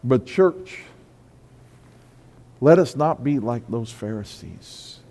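A pastor preaching a sermon in a church, moving between quiet confession and loud, high-pitched exhortation. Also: male voice, animated, slow pace, gravelly, in a large hall. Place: church sanctuary.

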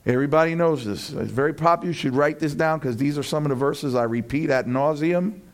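This male pastor's voice is a little high, and he talks a little fast. His animated sermon includes acted-out voices of friends and builds to loud peaks.

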